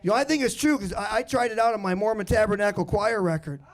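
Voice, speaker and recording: A man's voice: high-pitched, quick pace. A man hosting a stand-up comedy show on stage, introducing comics and telling rambling self-deprecating jokes. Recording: live room with crowd laughter. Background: audience laughter.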